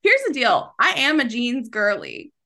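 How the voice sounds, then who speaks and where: A woman's voice: on the high side, sing-song, a little slow, bright, forceful tone. A woman in her thirties co-hosting a podcast, chatting casually, swearing freely and laughing often. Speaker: podcast co-host. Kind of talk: casual chat.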